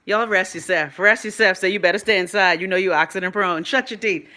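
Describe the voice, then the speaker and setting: A young Bahamian woman hosting a live stream, chatting loudly to her viewers, gossipy and swearing freely. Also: medium pitch, a little fast. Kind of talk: casual live-stream chat.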